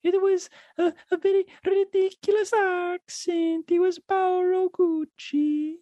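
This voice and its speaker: A man putting on a ridiculously exaggerated Italian accent, playing a flamboyant high-voiced Italian man. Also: level tone, slow, dark tone, dry recording, lo-fi sound. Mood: mocking.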